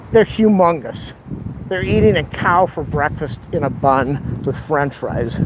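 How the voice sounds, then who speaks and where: A man vlogging while he walks city streets, ranting with strong opinions and out of breath from the uphill climb. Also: mid-range voice. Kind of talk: rambling walking vlog. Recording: faint street noise outdoors.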